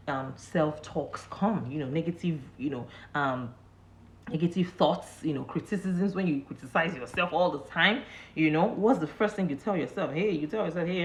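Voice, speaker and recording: A woman's voice: low voice, echoey room. A woman hosting a casual live motivational talk, chatty and loose, full of fillers, often laughing at her own stories. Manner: chatty, loose and repetitive, heavy "you know" fillers; breaks into laughter while telling stories.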